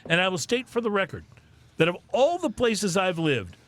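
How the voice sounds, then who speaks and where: A man reads the drinking news on a podcast with a dry, joking delivery. His pitch sits a little high and swings widely, so the stories come out lively and animated. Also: moderate pace. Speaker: podcast host.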